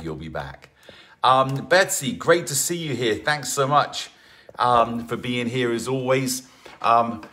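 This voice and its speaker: Leading a live online workout class, a male fitness instructor speaks with a fairly low pitch and a sharp tone. He's chatty and encouraging, greeting viewers by name between rambling asides.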